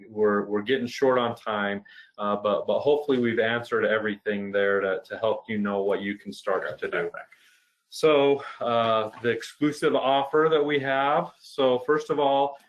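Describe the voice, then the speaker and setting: A man co-hosting a physical therapy webinar, friendly and a bit halting, often repeating words as he restarts. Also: medium pitch, muffled recording. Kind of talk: casual webinar talk.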